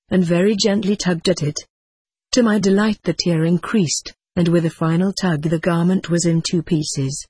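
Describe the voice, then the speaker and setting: A woman reads a first-person story in a measured, even way. Her voice sits on the low side with a husky edge, and the recording is close and dry. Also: no room sound. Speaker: narrator. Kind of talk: first-person audiobook narration.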